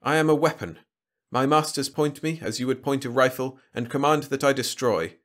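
A man's voice: mid-range voice, normal speed, fairly bright tone, voice pushed up, close to an everyday voice. A man voicing a grandiose, contemptuous ancient alien weapon in a storybook reading, speaking with lofty, pompous declamation. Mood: haughty.

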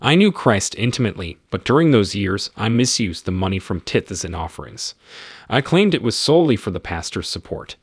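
A man's voice: fairly low pitch, big pitch swings, fairly quick, husky, dry recording, clean studio sound, exaggerated voice. A man voicing a regretful former church leader, pleading and remorseful in a spoken story.

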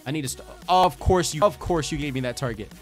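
An excitable young man narrates his gameplay as he plays, firing exclamations and talking straight at the enemy. His voice sits a little high for a man, and faint game music plays behind him. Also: fast talker. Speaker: gaming YouTuber. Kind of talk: gameplay commentary.

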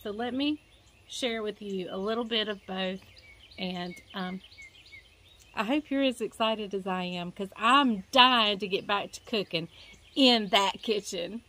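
A woman's voice: mid-range voice, a little slow, bright, forceful tone. Chatty woman vlogging outdoors. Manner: chatty, rambling, self-correcting. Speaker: vlogger, pastor's wife. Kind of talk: casual home-remodel vlog chat. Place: outdoors at home.

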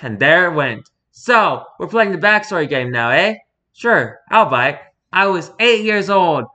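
A man's voice: high-pitched, expressive, a little slow, bright, forceful tone, full character voice. A man voicing a mocking, talkative male circus performer who rambles theatrically, read from an interview. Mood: sarcastic. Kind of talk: reading an interview aloud in character.

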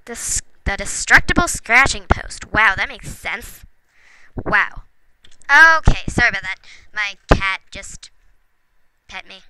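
A woman's voice: medium pitch, animated, slow. A woman giving casual gameplay commentary at home, chatting to the game's characters and chuckling often. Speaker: let's play gamer. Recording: noticeable background noise with clicks.

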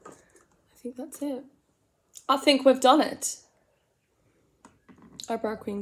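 A woman in her forties with an Australian accent, chatting through a comedic makeup routine. She rambles, mocks herself and slips into soft whispered asides. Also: a little high, slow, pauses often. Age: 40s. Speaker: makeup vlogger. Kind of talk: comedic get-ready-with-me chat.

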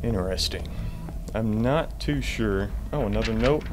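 A man's voice: fairly low pitch, measured pace, music in the background. A man giving jumpy, profane commentary to himself while playing a horror game. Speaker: gamer.

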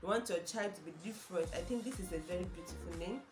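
A woman's voice: lowish voice, fast. A young Nigerian woman with a Nigerian accent chatting casually to her viewers, gushing and enthusiastic, repeating words and exclaiming often. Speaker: vlogger. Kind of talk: casual chat to camera. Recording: echoey room with music behind.

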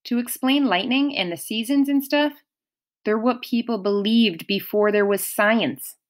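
Woman playing a bewildered teenage boy, high and disbelieving. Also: unhurried, natural voice. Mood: protesting. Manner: incredulous questioning. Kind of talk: audiobook reading.

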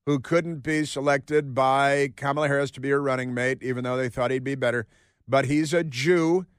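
A man's voice: medium pitch, dry recording. A man hosting a talk radio show, delivering a sarcastic, rambling opinion monologue in a studio. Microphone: studio microphone.

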